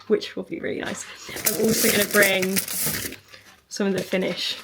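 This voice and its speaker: A woman's voice: mid-range voice, flat delivery, normal speed. A young woman talking in a chatty, gushing way in a casual vlog. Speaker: vlogger. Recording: noisy phone recording.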